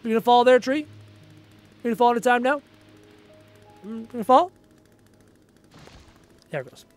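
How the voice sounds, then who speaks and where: This livestream gamer, a young Canadian with a matching accent, speaks at a normal pace in a very high voice. He chats casually, thinks out loud and replies to comments while soft music plays in the background.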